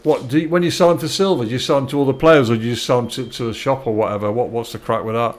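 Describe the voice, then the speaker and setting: A man's voice: mid-range voice, very fast. Bloke mid-age chatting on his game stream, friendly, keeps restarting sentences. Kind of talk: casual live-stream chat.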